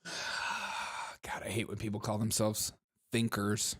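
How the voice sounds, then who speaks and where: A man's voice: lowish voice, monotone, slow pace, pauses often, a bit bright, slightly rough. A young man hosting a show, reacting to news clips with sarcastic commentary and mocking impressions. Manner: sarcastic, mimics speakers in mocking voices. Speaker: show host.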